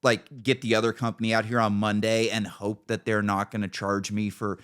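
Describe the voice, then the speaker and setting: A middle-aged man with a hoarse throat, telling a profane story as podcast co-host. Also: lowish voice, little pitch movement, moderate pace, fairly bright tone. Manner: profane storytelling, acts out quotes. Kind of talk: casual chat.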